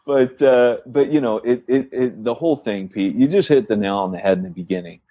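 A man's voice: mid-range voice, normal speed, dry recording, muffled recording. A man co-hosting a podcast, telling a story in casual chat with lots of restarts and acted-out dialogue. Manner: animated storyteller, frequent restarts, acts out quoted dialogue. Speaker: church planter podcast co-host.

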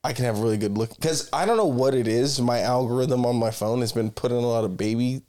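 A man's voice: mid-range voice, fast, a little mellow. A young man co-hosting a podcast in casual chat, rambling through stories, swearing freely and cutting himself off. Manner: rambling storyteller, swears freely, self-interrupting. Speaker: podcast co-host.

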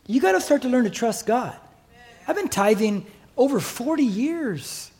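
A man's voice: very high-pitched, animated, moderate pace, darkish tone, husky. An older man with an American accent preaching a sermon as pastor in a church, emphatic and exhorting. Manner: emphatic, exhorting, mimics listeners' excuses.

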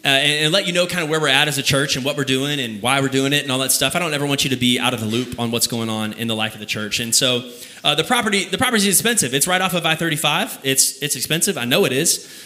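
Bright-voiced young pastor. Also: male voice, mid-range voice. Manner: conversational storytelling, laughs at himself, slows down for emphasis. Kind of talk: sermon.

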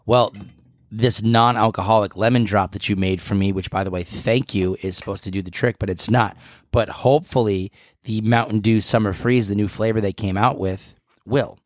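A man's voice: fairly low pitch, steady tone, moderate pace, dry recording, clean studio sound. A man co-hosting a podcast, chatting casually in a rambling, jokey way with a frog in his throat. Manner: rambling, jokey, lots of fillers. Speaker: podcast co-host.

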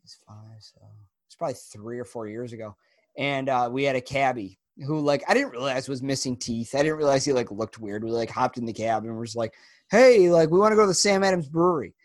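A man's voice: medium pitch, fairly even intonation, a little fast, no room sound, clean studio sound. A man co-hosting a podcast, telling stories animatedly and quoting lines with laughter. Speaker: podcast co-host. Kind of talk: casual chat.

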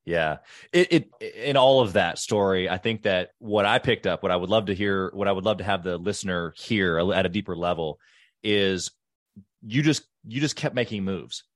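A man's voice: deep voice, normal speed, no echo, studio quality. A man hosting a podcast interview, giving encouraging short replies and reflecting on the guest's story. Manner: encouraging, frequent short affirmations. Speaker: podcast host. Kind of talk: casual interview chat.

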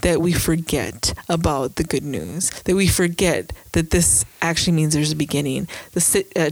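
A woman's voice: on the low side, a little mellow, no room sound, rough recording. A woman co-hosting a faith conversation, talking earnestly and reflectively with many rhetorical questions. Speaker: podcast co-host.

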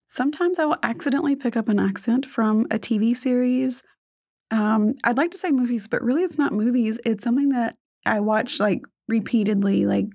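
A woman's voice: fairly high pitch, a little mellow, slightly rough, no echo, clean studio sound. A woman co-hosting an educational podcast, talking in a thoughtful, rambling way with many fillers. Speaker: podcast co-host. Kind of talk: casual educational podcast chat.

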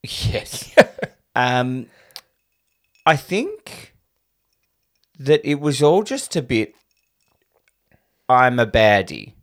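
A man's voice: fairly high pitch, sing-song, drawn-out words, pauses often. Wry man in casual chat. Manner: wry, sarcastic asides. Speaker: podcast co-host, film reviewer.

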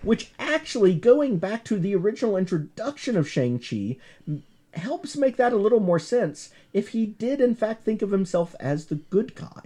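A man's voice: high-pitched, big pitch swings, moderate pace, mellow. A man giving a chatty class lecture on comics, full of asides and self-corrections.

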